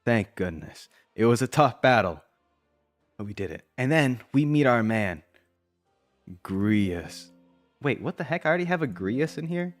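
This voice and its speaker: A man's voice: medium pitch, very animated, measured pace, pauses often, no echo, faint music behind. A man casually recapping a video game, rambling and breaking into his own asides. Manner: rambling, self-interrupting asides.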